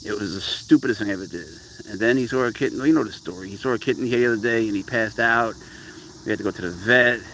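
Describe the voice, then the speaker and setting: A man's voice: fairly low pitch, fast talker, a bit bright, a little hiss or hum, poor audio. A man chatting casually on a live pet stream, rambling about his cat and answering viewers, his voice rising into baby-talk when he speaks to the cat.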